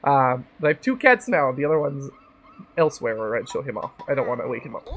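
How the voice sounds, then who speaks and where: A woman's voice: a bass voice, sing-song, fast, breathy edge, lo-fi sound, soft background music. A woman chatting casually while streaming a game, rambling and joking with plenty of swearing. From Canada. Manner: rambling, jokey, swears freely. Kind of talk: casual gaming stream chat.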